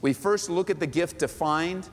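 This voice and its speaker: A man's voice: a little high, slight background noise. Earnest man preaching in a reverberant hall. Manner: earnest, repeats phrases, slows and stretches key words. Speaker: pastor teaching Bible study. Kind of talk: sermon.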